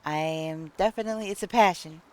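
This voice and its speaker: A woman's voice: low-pitched, a little fast, a little mellow. A woman from Long Island with a New York accent, chatting casually with viewers on a live stream and laughing often.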